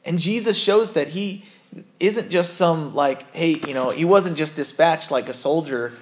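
A man's voice: on the high side, a little slow, a little hiss or hum. A man preaching a sermon as a pastor, earnest and conversational, often correcting himself mid-sentence.

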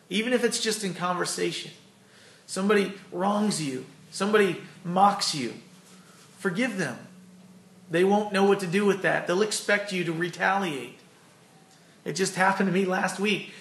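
A man's voice: sits high, fairly bright tone. A man preaching an earnest, conversational sermon with personal stories, then closing in prayer. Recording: echoey room.

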